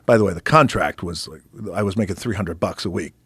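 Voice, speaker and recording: A middle-aged man casually telling stories as a podcast guest, swearing freely and dropping into hushed near-whispers for quiet moments. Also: deep voice, fast, slightly rough, dry recording. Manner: swears casually, laughs between anecdotes. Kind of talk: casual storytelling.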